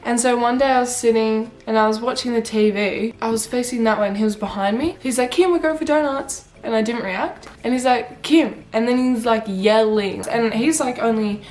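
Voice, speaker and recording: A young woman vlogging casually, telling stories in an animated, chatty way, full of "like" and swearing. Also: fairly high pitch, brisk, hardly any pauses. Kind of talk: casual storytelling vlog.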